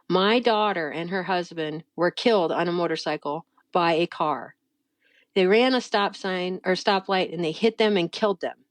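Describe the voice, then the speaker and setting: A middle-aged woman, a guest telling a faith story, recounts it casually and conversationally. She's animated, and her voice jumps sharply in pitch whenever she acts out someone's words. The sound is close and dry, without room echo.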